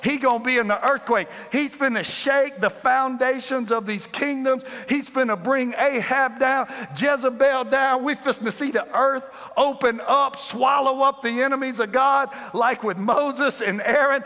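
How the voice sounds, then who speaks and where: Preacher as Elijah: high, shouting, eager prophet, folksy, hall echo. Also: male voice, fairly even intonation, unhurried, few pauses, exaggerated voice. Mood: fired up. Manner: fired-up, shouting, folksy slang. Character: Elijah, an excitable, hopeful prophet.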